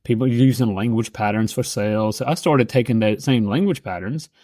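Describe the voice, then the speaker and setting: A middle-aged man and sales coach telling stories in a casual, animated way, often slipping into quoted voices. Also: on the low side, a little fast, dry recording, studio quality. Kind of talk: casual storytelling monologue.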